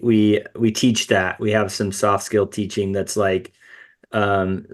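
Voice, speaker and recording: A man talking in a podcast conversation, telling stories in an earnest, reflective way. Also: on the low side.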